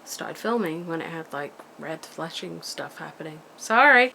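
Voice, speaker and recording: A woman's voice: low-pitched, animated, normal speed, vocal fry, hardly any pauses, sharp tone. A young woman vlogging to her camera at home, rambling about things she loves in a gushing, enthusiastic way. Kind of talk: casual rambling vlog chat. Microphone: camera mic.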